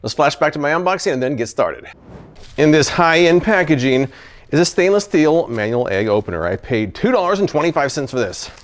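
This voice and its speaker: Lively, animated male product reviewer. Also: fairly high pitch, fairly quick. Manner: animated, often exasperated, chuckling at failures. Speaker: product reviewer, channel host. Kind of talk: casual product-testing vlog.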